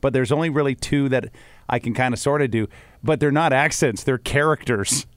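A man's voice: medium pitch, brisk, no room sound. A man who works in radio, rambling through a story in casual podcast chat with many restarts. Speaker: radio host.

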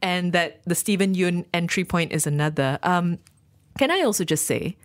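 A woman co-hosting a radio film review show, speaking in a thoughtful, measured way with plenty of ums. Her voice sits a little low. The studio sound is dry and close. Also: no echo. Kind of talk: casual film review chat.

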